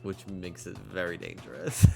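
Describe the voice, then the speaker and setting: A man's voice: low voice, wildly swooping pitch, a little slow. A young man streaming a game, chatting casually and rambling with lots of fillers, reading game text aloud, with game music behind. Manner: rambling, many likes and ums, reads game text aloud. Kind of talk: game let's play with casual chat.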